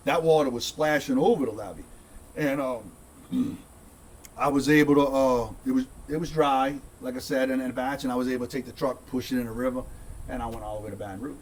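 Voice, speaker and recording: A man's voice: mid-range voice, a little fast. A middle-aged man spins a long personal story in loose, repeating phrases. He sits a little back from the microphone, so he sounds slightly distant. A faint hiss runs under the talk. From St. Bernard Parish, Louisiana. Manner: rambling, repeats words, says "dude" often. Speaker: guest, content creator. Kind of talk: casual storytelling.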